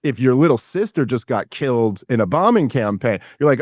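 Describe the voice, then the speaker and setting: A man's voice: mid-range voice, dry recording, clean studio sound. A man, telling a story in a casual podcast interview and acting out the people he quotes. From New York City. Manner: animated retelling, quoting others and himself in quick asides. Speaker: guest.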